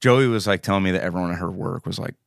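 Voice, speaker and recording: A man's voice: sits low, racing, gravelly, no room sound, studio quality. A man with a Philadelphia-area accent co-hosting a podcast, rambling and sarcastic in casual chat. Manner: rambling, sarcastic, trails off mid-sentence. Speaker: podcast co-host.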